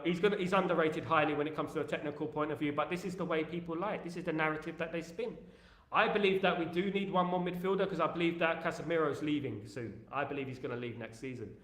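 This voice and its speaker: A London-accented man hosting a casual football live stream, reading viewer comments aloud, upbeat and repeating his phrases as he shouts out fans. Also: on the high side, reverberant. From England. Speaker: livestream host.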